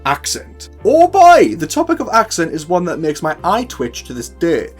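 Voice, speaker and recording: A man's voice: on the high side, sing-song, moderate pace, a bit bright, breathy edge, faint music behind. A man with a northern English accent hosting a tutorial, chatty with playful asides. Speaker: host. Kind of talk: tutorial talk to camera.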